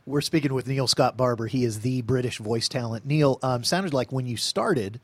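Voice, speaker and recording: A man's voice: medium pitch, moderate pace, no room sound. A man hosting an interview, speaking encouragingly with some fillers. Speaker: interview host. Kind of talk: casual interview chat.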